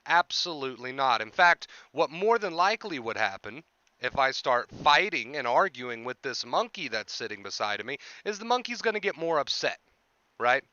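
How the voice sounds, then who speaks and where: A man coaching on anxiety in an earnest explanatory monologue, piling up rhetorical questions and tagging "right?", and clearing his throat now and then. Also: fairly high pitch, sharp tone, no echo, lo-fi sound. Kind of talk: explanatory self-help monologue.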